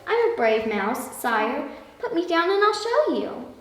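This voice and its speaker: Woman doing a squeaky eager little mouse. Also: big pitch swings, unhurried, fairly bright tone, heavily acted. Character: small earnest male mouse. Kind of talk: storybook character reading. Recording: echoey room, voice from far off.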